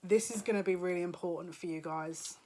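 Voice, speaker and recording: A woman's voice: fairly low pitch, fairly quick, warm tone. A woman giving a spiritual psychic reading to her viewers, talking in an emotional way. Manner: emotional, laughing, tearful at moments. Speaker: psychic reader. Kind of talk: spiritual card reading to camera.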